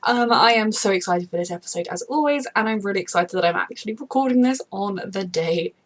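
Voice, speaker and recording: A woman's voice: mid-range voice, lively intonation, a little fast. A woman hosting a reaction video, gushing and emotional, often exclaiming at the screen. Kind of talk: casual reaction commentary.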